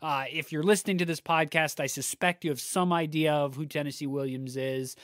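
A man's voice: on the high side, fairly even intonation, fairly quick, fairly bright tone, no room sound, clean studio sound. A man co-hosting a podcast about plays, talking earnestly in casual chat and often restarting his sentences. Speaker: podcast co-host.

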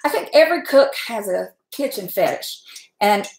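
A middle-aged woman, hosting a casual cooking stream from her home kitchen, folksy and chatty, laughing often and talking fast from nerves. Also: medium pitch, lively intonation, darkish tone. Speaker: home cook and channel host. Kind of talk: casual cooking livestream chat. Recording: echoey kitchen room.

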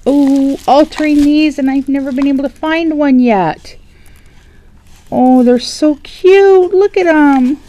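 This high-voiced woman gasps and gushes over craft gift packages in a casual vlog shot at her home dining table, often lowering to a hushed whisper. The audio is poor, with slight background noise.

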